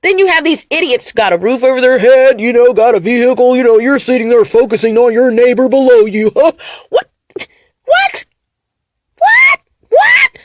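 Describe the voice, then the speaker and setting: Mocking, animated woman ranting. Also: a little high, fairly quick, few pauses, dry recording, studio quality. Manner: animated and mocking, laughing, repeating lines for emphasis. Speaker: vlogger. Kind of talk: casual ranting monologue to camera.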